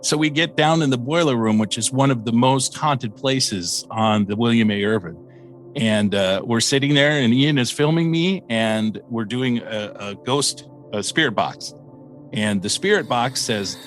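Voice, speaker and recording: Man recounting a haunting, animated and excitable, quotes voices of others, mid-pitched everyday voice, lots of uhs and restarts, interview-style storytelling. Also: normal speed, soft background music. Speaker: paranormal investigator.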